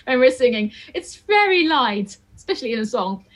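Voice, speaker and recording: A woman teaching the pronunciation of song lyrics in a chatty, informal way, sounding out each word slowly. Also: fairly high pitch, lively intonation, rough recording. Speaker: singing and Dutch diction teacher. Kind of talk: lesson, talking through song pronunciation.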